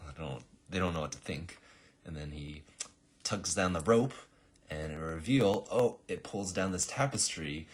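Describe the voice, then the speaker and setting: Low husky man narrating casually. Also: unhurried. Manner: rambling, filler-heavy retelling. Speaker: animatic pitch narrator. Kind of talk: casual walk-through narration.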